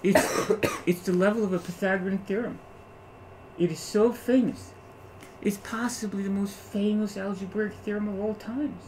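A man teaching algebra to a class, animated, constantly asking rhetorical questions to check that students follow. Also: sits high, normal speed, noisy background. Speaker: math teacher. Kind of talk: classroom lecture.

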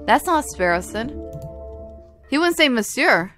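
A woman's voice: a little high, animated, normal speed, bright, forceful tone, soft background music. A woman hosting a let's play, reading and thinking aloud about the game. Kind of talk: game commentary.

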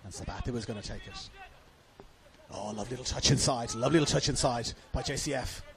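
A man's voice: mid-range voice, fast talker, creaky. A man with an Australian accent giving live football match commentary from a commentary box at the ground, rising with the action.

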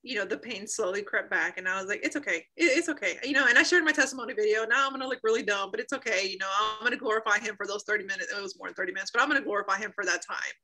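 A woman in her thirties telling an emotional personal story, animated, often laughing and acting out what people said. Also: medium pitch, very fast, hardly any pauses, rough recording. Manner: animated, laughs often, acts out quoted voices. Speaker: guest sharing a healing testimony.

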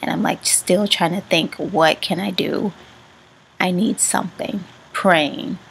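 A woman vlogger telling a personal story in a halting way, with words that often trail off into a soft whisper. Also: lowish voice, steady tone, creaky, slight background noise, rough recording. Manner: halting, with many restarts and fillers.

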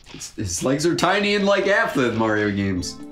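A man's voice: medium pitch, sing-song, moderate pace, a bit bright. A man with a stuffy, congested nose, chatting casually and sarcastically while playing a video game as co-host. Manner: dry, sarcastic grumbling at the game. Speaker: let's play gamer and co-host. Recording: roomy echo with faint background music.

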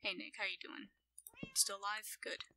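A woman quietly commenting on her own gameplay, often in a whisper and talking playfully to herself. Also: mid-range voice, wildly swooping pitch, normal speed, rough recording. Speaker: gaming channel host.

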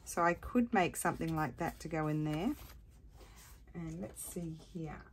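A woman's voice: low-pitched, unhurried, a little hiss or hum. A tired woman rambling and thinking aloud as she hosts a casual crafting tutorial. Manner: chatty, rambling, thinks aloud while working.

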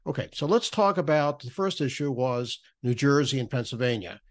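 A man's voice: medium pitch, expressive, moderate pace. A man on a podcast explaining retirement tax rules, often restarting and repeating words as he goes. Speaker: podcast guest, federal benefits writer.

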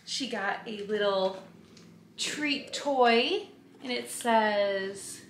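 A woman's voice: on the high side, very slow, a little hiss or hum. A woman hosting a casual unboxing vlog, slipping into sing-song baby talk as she chats to her dog at home. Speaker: vlog host. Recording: roomy, echoey room sound.

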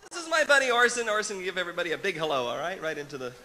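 A man's voice: sits high, lively intonation, very fast, sharp tone, slight background noise. A man performing a ventriloquist act, coaxing and upbeat as the straight man to his dummy.

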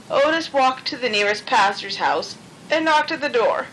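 A woman reads a storybook aloud in a gentle, expressive way. Her voice is high and bright. A faint hiss sits under the reading. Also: moderate pace, rough recording.

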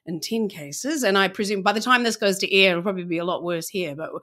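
A woman's voice: medium pitch, fast talker, a bit bright. A woman in her forties with a New Zealand accent, hosting a podcast in a playful, theatrical way. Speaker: podcast host. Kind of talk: casual chat.

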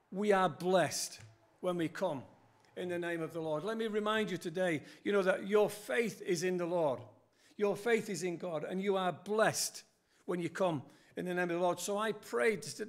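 Quoting scripture with growing emphasis, an older man preaches an earnest sermon in church. His voice sits notably high.

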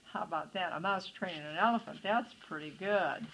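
A woman's voice: medium pitch, animated, normal speed, few pauses, a bit bright, a little hiss or hum, rough recording. Older woman reading a picture book. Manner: chatty asides to young listeners. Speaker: storytime reader.

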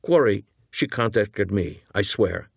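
Jittery, eager young hitman voiced by a male narrator, pitched up and animated, dry close audiobook sound. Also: creaky, slightly rough, dry recording, full character voice. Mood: nervous pleading. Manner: earnest, pleading, talking fast.

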